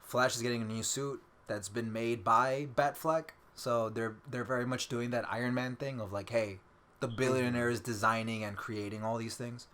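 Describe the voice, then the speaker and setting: A man co-hosting a casual fan podcast, excited and swearing freely, often breaking into laughter. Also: mid-range voice, normal speed. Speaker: podcast co-host.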